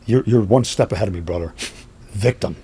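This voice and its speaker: A man with a low, husky voice tells stories as a podcast guest. He talks in a lively way and slips into the voices of the people in his stories. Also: brisk. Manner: lively, acts out quoted speech. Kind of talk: animated storytelling.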